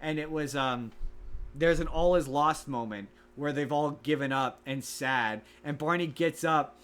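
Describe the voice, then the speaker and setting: A man's voice: on the high side, unhurried, over music. A man hosting a casual podcast, animatedly retelling a story and acting out the characters' lines. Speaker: podcast host.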